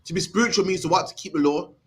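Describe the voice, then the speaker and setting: A young man with a Birmingham accent talks fast as he teaches a scripture class, his voice sitting a bit high for a man. He is streetwise and conversational and keeps tagging phrases with "man". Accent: Birmingham English.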